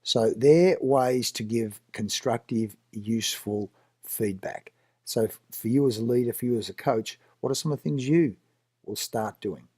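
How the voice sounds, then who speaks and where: Aussie business coach guy, husky lowish voice, blunt, rattles off questions, dry close sound. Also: warm tone, dry recording. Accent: Australian. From Australia. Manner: rapid strings of questions, blunt and plainspoken. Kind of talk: coaching talk with role-played examples.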